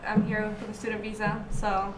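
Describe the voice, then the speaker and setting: A woman's voice: medium pitch, monotone, a little fast, recorded from a distance. A young woman from Bolivia, a student guest in a casual chat, recounting events hesitantly with lots of fillers. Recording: echoey room, off-mic, faint noise.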